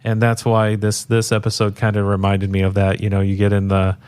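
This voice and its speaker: Laid-back low-voiced man chatting. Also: monotone, fairly quick, a little mellow, clean tone. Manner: laid-back, rambling with many restarts. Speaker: podcast co-host. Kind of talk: casual chat.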